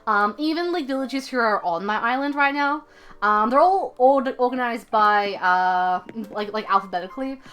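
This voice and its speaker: A woman's voice: a little high, moderate pace, a bit bright, clean tone. A young woman streaming, chatting casually in a playful, rambling, giggly way. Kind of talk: casual live-stream chat.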